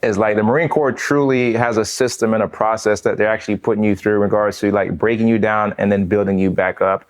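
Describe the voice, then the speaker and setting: A man from the United States telling his own story in a casual interview, animated and quick to laugh, often dropping the word "man" between phrases. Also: fairly low pitch. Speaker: veteran guest.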